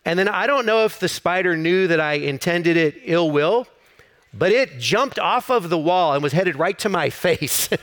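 A man's voice: high-pitched, expressive, normal speed, a bit bright. A middle-aged man, a campus pastor, preaching a sermon in an easy storytelling way with self-deprecating humor.

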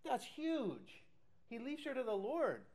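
A middle-aged male pastor preaches and leads a Bible study, speaking slowly in a very high-pitched voice. He tells stories in an animated way, acting out the quotes.

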